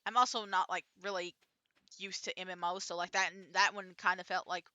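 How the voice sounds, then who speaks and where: A woman's voice: fairly low pitch, little pitch movement, fairly quick, pushed and bright, no room sound. A woman streamer giving rambling, chatty let's-play commentary, full of "like" and restarts. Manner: rambling, chatty, with frequent fillers.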